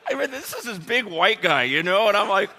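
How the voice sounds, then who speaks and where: A man preaching a humorous sermon story, animated and laughing often, speaking straight to his audience. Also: high voice, brisk. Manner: addresses the audience directly.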